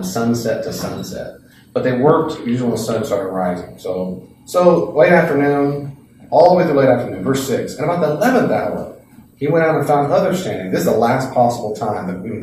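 A man teaching a Bible class, lively and folksy, acting out voices from the story. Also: mid-range voice, a little hiss or hum. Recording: echoey classroom from a distant mic.

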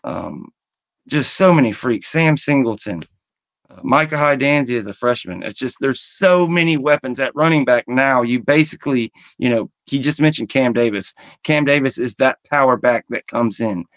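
A man's voice: medium pitch, moderate pace, fairly bright tone, dry recording. A man with a Southern accent co-hosting a casual sports podcast, rambling with lots of fillers and some swearing. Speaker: podcast co-host.

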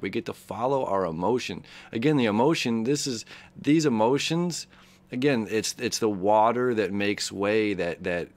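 A man's voice: fairly low pitch, moderate pace. A man giving a casual, earnest horoscope reading, reflective and emotional, often checking in with "okay?" and "you know". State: emotional, near tears. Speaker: astrologer host.

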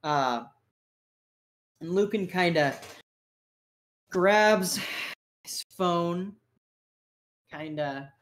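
A man's voice: high voice, very slow, pauses often, a bit bright. Joking casual game master guy. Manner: casual, swearing, joking, lots of fillers. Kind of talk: narrating a tabletop game and hosting a stream.

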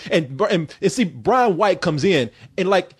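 A man's voice: high voice, expressive, measured pace, slightly rough. A man hosting a casual comedic film review chat, laughing often and acting out characters' lines.

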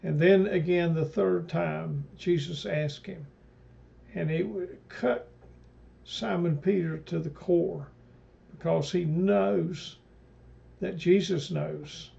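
A pastor leading a mid-week Bible study, retelling scripture in a halting way with many fillers and restarts. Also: male voice, on the high side, vocal fry, mellow. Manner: retells scripture, quoting speakers in old-fashioned phrasing. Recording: dull lo-fi recording.

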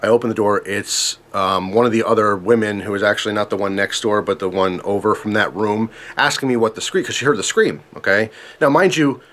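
A man's voice: fairly low pitch, a little fast, a bit bright. A man casually telling a story to camera, earnest and emphatic, repeating himself when tense.

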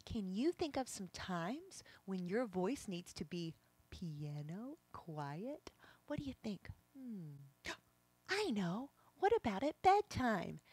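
A woman teaching a playful music lesson for young children, animated and often dropping to a whisper. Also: mid-range voice, no room sound.

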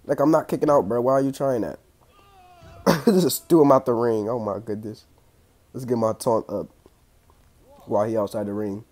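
Young man, excitable slangy gameplay commentary, congested throat, trash talk. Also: medium pitch, moderate pace, pauses often. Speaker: gaming channel host.

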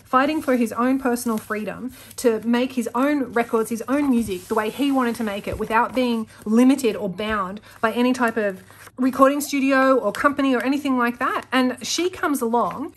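Her voice is on the high side and fairly quick as she sets up her planner at a home desk, chatting in a rambling way, drifting off topic often and getting worked up during rants. There's slight background noise on the desk-mounted camera recording.

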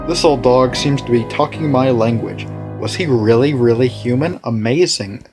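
Give me an excitable male gamer rambling through a let's play with quiet music behind him. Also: mid-range voice, normal speed, hardly any pauses. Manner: rambling, self-correcting, excitable. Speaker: gaming channel host.

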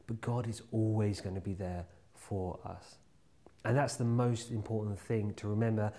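A man's voice: on the low side, darkish tone. Chatty man talking to children. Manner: chatty, storytelling, speaks directly to kids. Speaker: children's church leader. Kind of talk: children's Bible talk.

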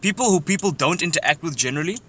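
A man's voice: on the high side, lively intonation, rapid-fire, bright, forceful tone. A young man giving loose, profane social advice in casual chat while driving, laughing often. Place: in a car, driving outdoors. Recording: noisy car interior. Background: car and street noise.

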